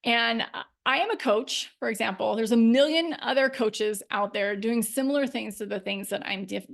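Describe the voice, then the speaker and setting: A woman's voice: a little high, normal speed, vocal fry. A middle-aged woman, a life coach, talking solo on her podcast in an upbeat, emphatic way with frequent laughs.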